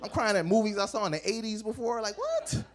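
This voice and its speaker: A man in his thirties doing a stand-up comedy set on a club stage, animated and acting out bits with big swings in pitch. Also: quick pace.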